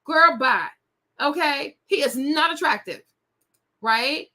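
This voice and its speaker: A woman's voice: high-pitched, slow, pushed and bright. A young woman hosting a celebrity gossip show, talking in a sassy, indignant way straight to her viewers. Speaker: host. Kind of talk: casual celebrity gossip commentary.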